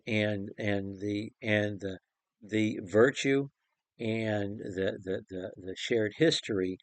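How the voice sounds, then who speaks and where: Male preacher, mid pitch, earnest and emphatic, dry close-miked sound. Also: no room sound. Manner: earnest, emphatic repetition, frequent restarts. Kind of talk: short devotional Bible talk.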